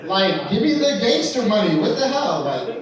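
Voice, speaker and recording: High-voiced man doing stand-up. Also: normal speed, crowd noise. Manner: animated, swears freely, talks straight to the audience. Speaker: stand-up comedian. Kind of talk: stand-up set. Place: nightclub stage. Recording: echoey club recorded from far off.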